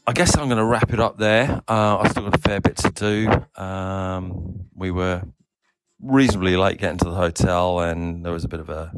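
A middle-aged man with a mix of Australian, South African and English accent, talking in a relaxed, rambling audio diary full of ums and uhs. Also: deep voice, moderate pace. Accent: mixed Australian, South African and English. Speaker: cycling team manager.

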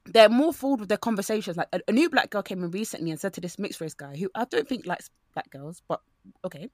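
A woman co-hosting a podcast in casual chat, talking in an animated way and mimicking the people she quotes. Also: medium pitch, fast, no echo, studio quality.

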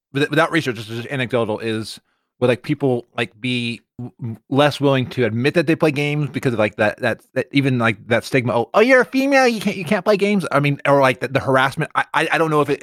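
A man's voice: mid-range voice, fast, a bit bright, no room sound. Guy co-hosting a podcast, keeps stammering and restarting, dry close sound. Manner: stammers and repeats words a lot. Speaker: co-host filling in. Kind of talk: casual chat.

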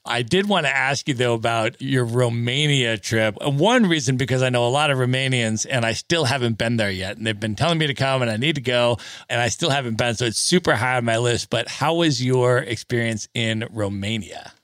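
A man's voice: medium pitch, brisk, fairly bright tone, no echo. A man hosting a podcast, asking long, enthusiastic questions in casual chat. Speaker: podcast host. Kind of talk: casual interview.

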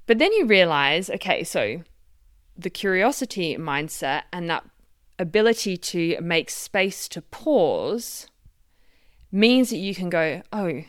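A woman hosting a solo self-help podcast, reflective and gently guiding, sharing personal stories. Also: fairly low pitch, animated, slow pace, clear, resonant tone, no echo, studio quality. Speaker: podcast host.

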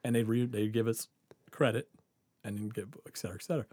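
A man's voice: lowish voice, fairly even intonation, fast talker, mellow, no echo. A man telling a story in a casual podcast chat, profane, often laughing and saying "dude".

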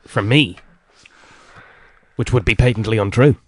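A man's voice: lowish voice, unhurried, no room sound. A man playing a pompous, fussy Irish self-styled hard man in improvised comedy, with an Irish accent. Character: self-proclaimed hardest man in Ireland, pompous.

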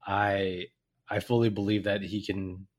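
A man co-hosting a casual sports podcast, excitable, laughing often and restarting his sentences. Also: lowish voice, a little slow. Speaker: podcast co-host.

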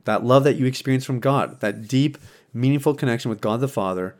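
A married man hosting a podcast, talking earnestly in a casual, reflective monologue, often restarting his sentences and filling pauses with ums. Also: medium pitch. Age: adult, married. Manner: earnest, conversational, many restarts and fillers. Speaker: podcast host.

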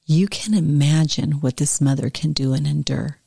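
A woman reading aloud as God the creator, in a slow, soft storybook manner. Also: low voice, steady tone, vocal fry, husky, dry recording, voice pushed down, exaggerated voice. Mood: earnest. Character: God, a tireless male creator, proud.

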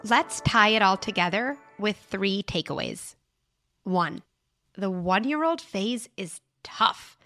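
A young adult woman hosting a parenting advice show, speaking in a calm, reflective, explanatory way as she answers a listener. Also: mid-range voice, slow pace, faint music behind. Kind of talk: advice podcast monologue.

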